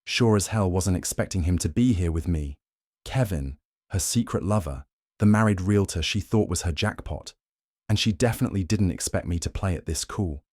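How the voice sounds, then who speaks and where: A man telling a dramatic story in first person, calm and terse. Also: low voice, moderate pace, no room sound, studio quality. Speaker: narrator.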